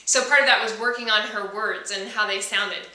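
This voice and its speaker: A woman's voice: mid-range voice, steady tone, moderate pace, bright, forceful tone. A woman who is a voice teacher, explaining singing technique to camera in a friendly way. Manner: friendly explaining, with sung demonstrations. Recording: echoey room, mic far off.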